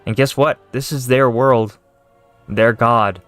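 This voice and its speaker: A man's voice: mid-range voice, fairly even intonation, slow, a bit bright, clear, resonant tone, no room sound, faint music behind. A man, a gaming video creator, ranting casually with lots of swearing, sarcasm and exasperation. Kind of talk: casual rant to camera.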